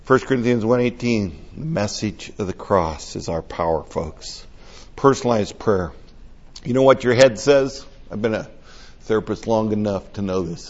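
An older man preaching a conversational sermon, telling stories in an animated and emotional way. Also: on the low side, lo-fi sound.

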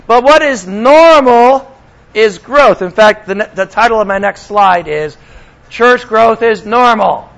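A man's voice: high-pitched, animated, unhurried, gravelly, fairly bright tone, rough recording. A man preaching a sermon as pastor, talking conversationally to his congregation and slipping in sarcastic asides.

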